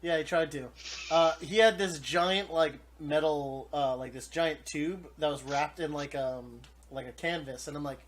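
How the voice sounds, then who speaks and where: A man's voice: a little high, fairly even intonation, normal speed. A man co-hosting a podcast, telling a story in casual, profane chat and laughing as he goes. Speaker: podcast co-host.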